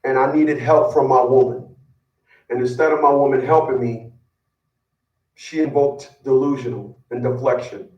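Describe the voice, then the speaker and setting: A man's voice: mid-range voice, moderate pace, warm tone, echoey room, recorded from a distance, highs cut off. A man giving blunt, boastful relationship advice in a casual, profane rant, often repeating words as he gets worked up. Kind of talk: casual ranting monologue.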